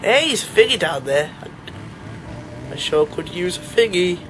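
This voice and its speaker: A man commentates a game as he plays it, swinging from joking to panicked shouts and laughter. His voice sits high. Clear noise runs under the home recording. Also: big pitch swings, unhurried. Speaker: gamer. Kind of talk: let's play commentary.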